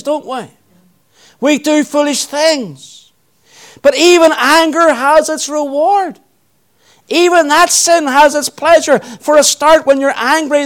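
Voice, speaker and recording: A man preaching a sermon, reading scripture aloud and then exhorting his listeners, swinging from loud intensity to hushed, earnest appeals. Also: very high-pitched.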